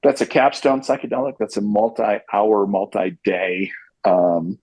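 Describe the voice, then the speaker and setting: A man's voice: fairly low pitch, measured pace, a little mellow, husky, no room sound, muffled recording. A man speaking as a podcast guest in casual conversation, rambling with frequent restarts and fillers.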